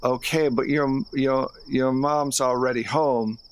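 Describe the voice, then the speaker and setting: A man's voice: mid-range voice, fairly even intonation, measured pace, a little hiss or hum, lightly acted. A man voicing a small-town sheriff who presses insistently and repeats himself.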